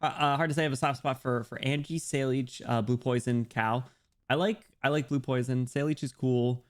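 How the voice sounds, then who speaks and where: A man's voice: mid-range voice, fairly even intonation, fairly quick. A young man chatting casually with his chat while streaming a game, laughing often and reading messages aloud.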